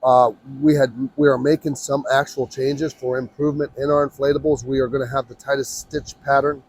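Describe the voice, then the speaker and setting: A man with a husky, slightly rough voice pitches his inflatables from a trade show booth. He talks fast and pushes hard, circling back to the same points again and again to convince buyers. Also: poor audio. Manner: pushy, energetic salesman, repeats himself. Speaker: inflatable business owner. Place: trade show booth beside running blowers. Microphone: mic on, recorded on a phone.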